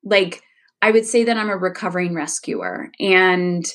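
A woman's voice: lowish voice, a little slow. A woman in her forties, a coach, speaking candidly and reflectively as an interview guest, laughing easily. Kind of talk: casual interview conversation.

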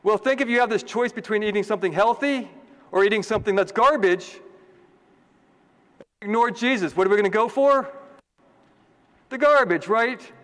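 A man's voice: high voice, moderate pace, long pauses, fairly bright tone, in a large hall. A man, a priest, giving a homily in a conversational, joking way and asking the congregation questions.

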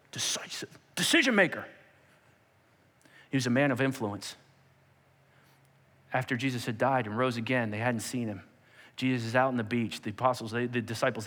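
A man preaching a sermon in an animated way, jumping into sudden high-pitched bursts when he acts out quotes. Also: a little fast, pauses often. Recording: long hall reverb.

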